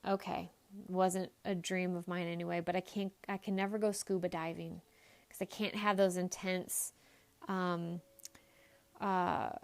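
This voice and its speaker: Smooth-voiced woman, candid and blunt. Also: lowish voice. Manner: candid and emphatic, with blunt swearing. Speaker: psychologist podcast host. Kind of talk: casual podcast storytelling.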